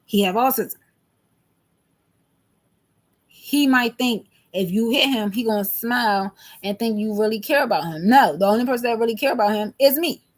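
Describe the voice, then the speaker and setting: A woman's voice: fairly high pitch, a little fast. Agitated woman in her thirties venting. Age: 30s. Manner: emphatic, repetitive, agitated. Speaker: vlogger. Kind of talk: venting monologue to camera.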